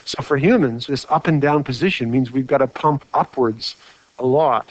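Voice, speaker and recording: Male teacher, mid-pitched, conversational whiteboard lecture; close dry mic, slightly muffled. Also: normal speed, dry recording. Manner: chatty, asks rhetorical questions.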